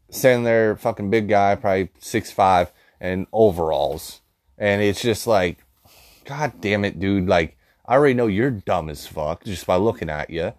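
A man rants bluntly about his day, swearing constantly. His voice sits a little low. The recording is dry and close, with no room echo. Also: darkish tone. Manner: angry, heavy swearing, blunt. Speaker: vlogger. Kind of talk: profane storytelling rant.

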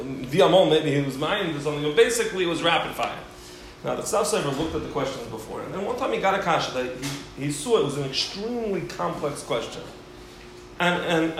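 Animated man lecturing in an echoey room. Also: on the high side. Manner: animated storyteller, acting out quoted voices. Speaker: rabbi teaching a class. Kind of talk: Torah lecture with storytelling. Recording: very echoey room, faint background hiss.

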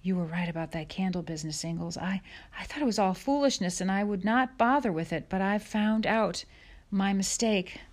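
A woman reading aloud, voicing a sheepish pioneer neighbor man who speaks haltingly and apologetically. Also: medium pitch, animated, natural voice.

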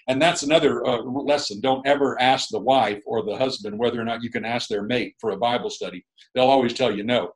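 A man's voice: mid-range voice, moderate pace, low-quality recording. A middle-aged man, a guest minister, telling a long story in a rambling, chuckling, casual way with many restarts.

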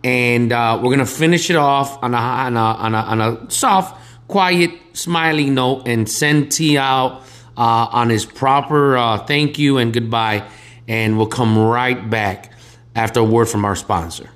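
A man's voice: medium pitch, a little slow, fairly bright tone. A man co-hosting a podcast, chatty and eager, steering the talk between segments. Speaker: podcast co-host.

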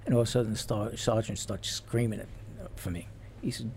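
A man and former police officer telling stories in casual chat, animated and laughing as he goes. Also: lowish voice, fairly quick, creaky, few pauses, breathy edge. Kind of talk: casual storytelling.

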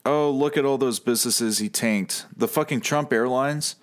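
Man, podcast co-host, angry ranting, swears a lot, mid-pitched voice. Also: normal speed. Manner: angry, swearing, rising to shouty outbursts. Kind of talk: casual profane rant.

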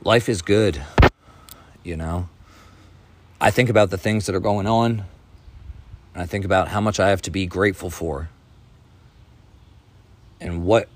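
A man hosting a podcast, giving a blunt, profane, fired-up motivational rant in casual talk. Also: sits low. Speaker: podcast host.

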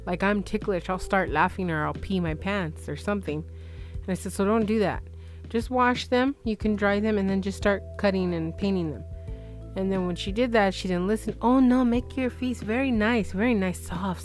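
Animated woman telling a funny story. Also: mid-range voice. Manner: animated, acts out quotes, laughs through story. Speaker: podcast co-host. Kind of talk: casual storytelling chat.

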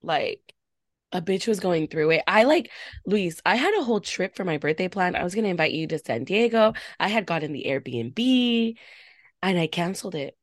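A woman's voice: fairly low pitch, lively intonation, normal speed, dry recording, studio quality. Chatty young woman on a podcast. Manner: chatty, confessional, swearing, full of "like". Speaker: podcast co-host. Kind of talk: casual chat.

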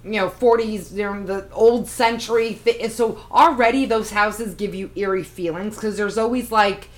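A woman's voice: medium pitch, steady tone, normal speed. A woman co-hosting a podcast in casual chat, teasing her co-host and repeating words for emphasis.

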